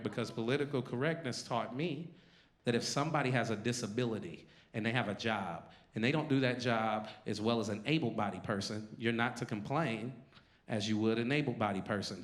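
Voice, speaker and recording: A male stand-up comedian performing a live set with a brash, punchy, conversational delivery. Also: mid-range voice. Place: live comedy venue with an audience.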